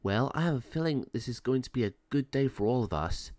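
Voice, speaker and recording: A man's voice: mid-range voice, animated, fairly quick, a little mellow, no echo, close to an everyday voice. A man voicing a hopeful shepherd dog in a read-aloud story.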